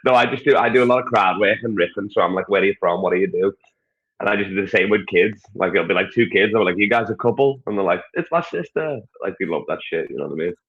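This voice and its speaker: A man's voice: sits low, steady tone, fast, muffled recording. A man from Liverpool with a Scouse accent, a stand-up comedian chatting crudely and rambling as a podcast guest. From Liverpool, England. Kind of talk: casual podcast chat.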